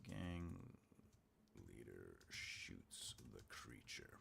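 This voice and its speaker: A man's voice: very deep voice, very animated, drawn-out words, creaky, bright, forceful tone, slight background noise. A man livestreaming his book outlining, muttering notes to himself and joking with viewers in casual chat. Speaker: author livestreaming his writing process.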